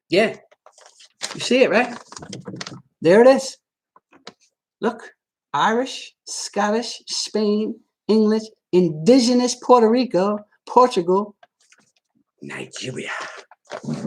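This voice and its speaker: A man hosting a livestream and answering viewer comments, swearing a lot and talking straight to his audience in a boastful, streetwise way. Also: high-pitched. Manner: talks straight at viewers, often asking if they follow. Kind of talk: casual livestream chat.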